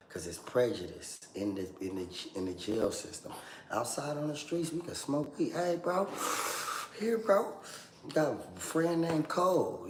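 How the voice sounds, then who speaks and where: A man's voice: medium pitch, darkish tone. A man from Oakland, California, hosting a livestream with rambling, slangy talk aimed straight at his viewers. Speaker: livestream host. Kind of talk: casual livestream rant. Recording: echoey room with faint ambient noise.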